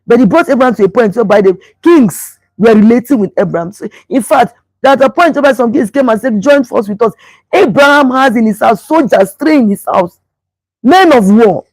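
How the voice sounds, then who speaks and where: A woman's voice: on the high side, expressive, fairly quick, darkish tone, dry recording, low-quality recording. A middle-aged woman pastor, preaching about relationships emphatically and repeating phrases to drive them home. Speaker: pastor and show host.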